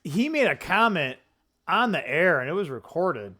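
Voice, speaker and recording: A man hosting a casual political commentary vlog, rambling and opinionated, with quick asides and self-corrections. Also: fairly high pitch, sing-song, pushed and bright. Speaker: political commentary channel host.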